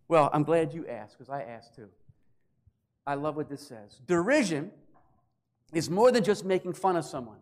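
A man with a notably high voice preaches a sermon. He explains scripture in an animated way, now and then slipping into acted voices to drive a point home. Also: unhurried, long pauses. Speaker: pastor.

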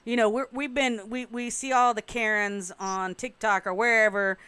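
A woman's voice: on the high side, flat delivery, normal speed, pushed and bright, smooth, dry recording. A woman in a casual group discussion, recounting events frankly and with swearing. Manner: frank storyteller, profane, recounting events at length.

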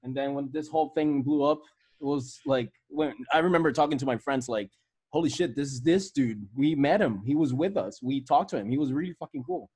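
A man's voice: mid-range voice, brisk, darkish tone, breathy edge. A man from Puerto Rico who is a guest on a casual podcast, speaking in a laid-back way and swearing freely. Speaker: podcast guest, metal musician.

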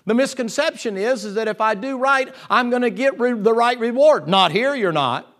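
A man preaching a lively sermon in a folksy, joking way, acting out the people in his story. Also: very high voice, normal speed. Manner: folksy and joking, acts out voices of figures.

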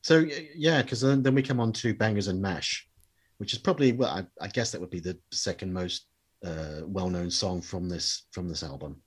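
A man co-hosting a casual chat about comedy records, measured and wry, with some fillers. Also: low-pitched, breathy edge. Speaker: podcast co-host.

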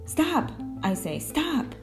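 Reader putting on a stiff, indignant gentleman escort; formal, haughty. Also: a little high, animated, normal speed, music in the background.

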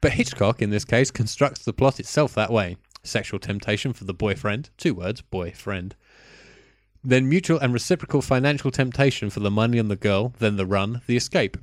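A man's voice: mid-range voice, moderate pace, no echo, studio quality, lightly acted. A man putting on a mock French accent to voice a pompous male film critic with grand, lofty phrasing. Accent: put-on French.

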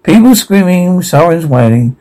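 A man performing a comedy sketch, flatly reading out the sound cues between the parts he voices. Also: a little high, normal speed, rough recording. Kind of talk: comedic read of a sketch with spoken stage directions.

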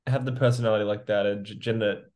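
A man's voice: on the low side, steady tone, fast talker, a little mellow. A man co-hosting a casual movie podcast, easygoing and loose, filling his speech with "like" as he talks through his picks. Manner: easygoing, filler-heavy, says "like" constantly. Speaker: podcast co-host.

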